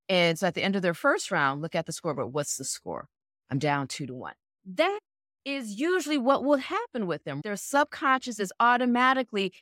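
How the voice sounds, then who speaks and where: A woman with a notably low voice explains how she trains athletes' minds. She is animated and plays out each scenario step by step. The sound is dry and close. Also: dry recording. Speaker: mental performance coach. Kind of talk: explanatory interview answers.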